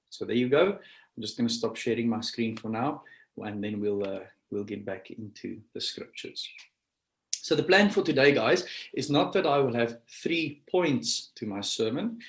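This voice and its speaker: A man preaching a sermon, earnest and animated, stretching key words as he speaks. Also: mid-range voice, echoey room, rough recording. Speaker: pastor.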